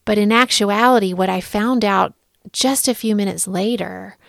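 Woman, thirties, earnest storyteller; fry-heavy voice, dry close recording. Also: mid-range voice, dry recording. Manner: soft, earnest, candid, with pauses and restarts. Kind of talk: personal story, reflective talk.

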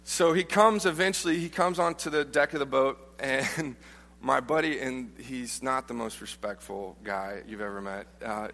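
A man's voice: on the high side, sharp tone. A man preaching a casual, joking sermon built on personal stories, often restarting his sentences. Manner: humorous, informal, frequent restarts. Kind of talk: conversational sermon with storytelling. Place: church auditorium. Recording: long reverb of a large church hall.

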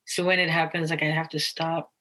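A woman's voice: sits low, fairly quick, low-quality recording. A young woman from Guyana, interviewed about her life, talking casually with many fillers and restarts. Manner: casual, many fillers and restarts, quotes others in lively voices. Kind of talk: candid interview talk.

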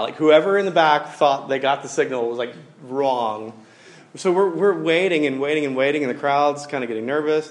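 A man in his thirties delivering a sermon that drifts into personal storytelling. He talks casually, with plenty of fillers and restarts, at an ordinary middle pitch. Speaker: pastor.

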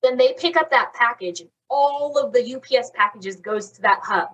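A young woman casually telling a long story on a chat podcast, animated and saying "like" constantly. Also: fairly high pitch, normal speed, dull audio. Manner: animated, fills talk with "like". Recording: voice a bit far from the mic.

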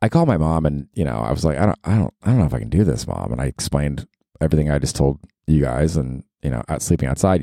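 A man in his forties from Florida telling a story on his podcast, casual and profane, jumping into high exasperated outbursts. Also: no room sound, clean studio sound. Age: 40s. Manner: animated, swearing, swooping up into high exasperated outbursts. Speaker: podcast host.

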